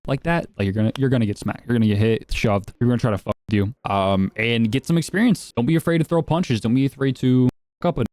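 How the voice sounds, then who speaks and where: A young commentator casually tells crude prank stories, swearing often and laughing at his own jokes. His medium-pitched voice is a little mellow and quick, recorded with no echo.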